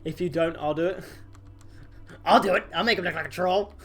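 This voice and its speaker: A man's voice: high-pitched, moderate pace, a bit bright, husky, soft background music. A young man chatting casually on a game livestream, self-mocking and joking, often breaking into laughs. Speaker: streamer.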